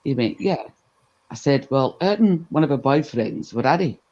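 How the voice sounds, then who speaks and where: Animated woman telling gossip. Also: a bass voice, moderate pace. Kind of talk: casual storytelling chat. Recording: dull lo-fi recording.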